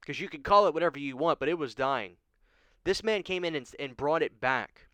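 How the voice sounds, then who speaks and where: A horror channel host delivers an emotional, pleading rant on his vlog, frequently asking "okay?" His voice is somewhat high and a bit bright, with a clean, echo-free tone from a studio microphone.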